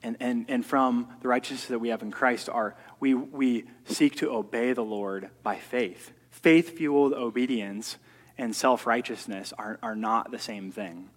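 A man's voice: mid-range voice, unhurried. A man preaching a sermon earnestly, often repeating words as he works through his points. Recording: long hall reverb.

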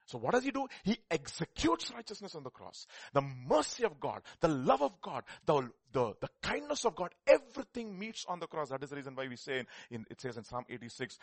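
A man's voice: big pitch swings, fairly quick, breathy edge, no echo. Male preacher, dry sound. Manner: swings from loud emphatic declarations to low quiet asides; repeats phrases and restarts often. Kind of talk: sermon.

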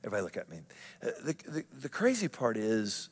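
A man preaching a sermon as pastor, swinging between loud, slow emphasis and hushed, intimate lines, repeating key phrases. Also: on the low side, wildly swooping pitch, husky. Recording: long hall reverb.

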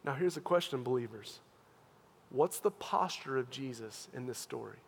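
A man preaching a sermon as a pastor, earnest and questioning, moving from hushed, tender phrases to loud, pressing appeals. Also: mid-range voice, animated, moderate pace, creaky, slightly rough, in a large hall.

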